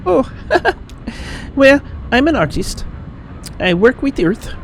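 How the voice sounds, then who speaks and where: A man voicing a young woman who is a traveling earth artist, friendly and a little hesitant, in a strained falsetto attempt at a female voice. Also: very animated, slow, a little hiss or hum, exaggerated voice. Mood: enthusiastic.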